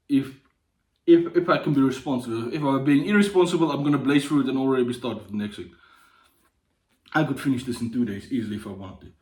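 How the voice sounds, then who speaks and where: A man's voice: medium pitch, a little mellow. A man hosting a casual book review vlog, talking in a playful way with jokey asides and many restarts. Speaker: book channel host. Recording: roomy echoey room.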